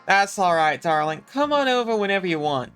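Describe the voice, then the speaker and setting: A woman's voice: lowish voice, very animated, fairly quick, clear, resonant tone, soft background music, voice pushed up. A woman voicing a flirty theater owner with a drawl who calls everyone darling.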